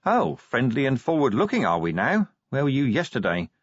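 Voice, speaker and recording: A man voicing a gruff, angry middle-aged watch commander who is curt and sarcastic, holding his temper down. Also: mid-range voice, wildly swooping pitch, normal speed, no room sound, lo-fi sound, pitched above the performer's own voice.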